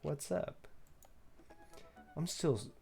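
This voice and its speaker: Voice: medium pitch, expressive, slow pace, creaky, warm tone, soft background music, pitched above the performer's own voice, heavily acted. A game streamer voicing a cheerful, dopey, sporty adult man in a video game voice-over.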